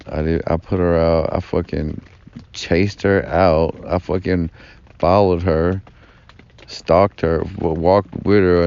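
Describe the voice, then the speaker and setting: A man's voice: deep voice, warm tone, clear, resonant tone. A man telling a long personal story in a rambling, profane vlog monologue, full of fillers and asides. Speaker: vlogger. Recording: dull lo-fi recording.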